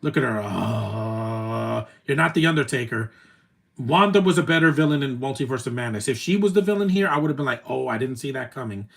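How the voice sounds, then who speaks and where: Gravelly-voiced man gushing over a movie. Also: mid-range voice, lively intonation, brisk. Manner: gushing, emotional, rambling fan talk. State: teary, choked up. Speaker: live streamer watching a movie. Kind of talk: casual reaction commentary.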